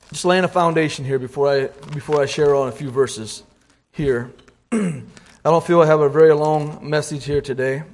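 A middle-aged man giving an informal sermon, halting and repeating words, clearing his throat often and reading scripture aloud in old-fashioned wording. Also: on the high side, a little mellow. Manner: reads scripture aloud in King James wording. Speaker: lay preacher.

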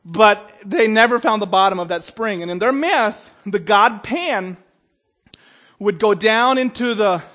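Man, high voice, sermon, stammers on word starts, loud bursts and quiet asides. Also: measured pace. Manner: stumbles and repeats opening sounds, checks in with "Okay?"; swings between loud emphatic bursts and quiet low asides. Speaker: preacher.

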